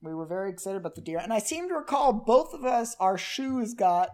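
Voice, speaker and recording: A man's voice: high-pitched, lively intonation, brisk, a little mellow. A man co-hosting a podcast, telling a story and teasing his partner in casual chat. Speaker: podcast co-host.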